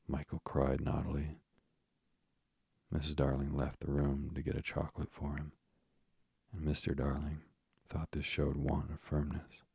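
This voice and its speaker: A man narrating a storybook in a measured, deliberate way. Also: a bass voice, completely flat delivery, gravelly, mellow, breathy edge, dry recording, studio quality.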